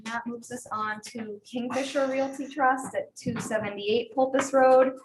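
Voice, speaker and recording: A woman chairing a town commission meeting, calling motions and roll votes in a brisk, procedural way. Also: a little high, steady tone, noisy background. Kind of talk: running a public meeting.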